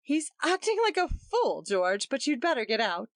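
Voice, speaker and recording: A woman reading aloud voicing a distraught young wife who pleads, sobs and snaps bitterly, pitched high. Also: big pitch swings, normal speed, a bit bright, dry recording, exaggerated voice.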